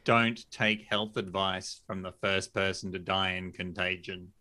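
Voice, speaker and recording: A man with a bright, forward tone, thinking aloud in a relaxed way and dropping in wry asides. He's a podcast guest talking casually, with a few stumbling restarts. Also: low voice, a little slow. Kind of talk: casual conversational reasoning.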